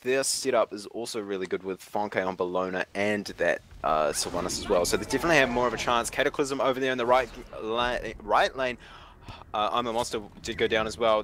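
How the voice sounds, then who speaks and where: A man's voice: lowish voice, moderate pace, fairly bright tone, a little hiss or hum. A man with a New Zealand accent doing play-by-play esports commentary, exclaiming at big plays.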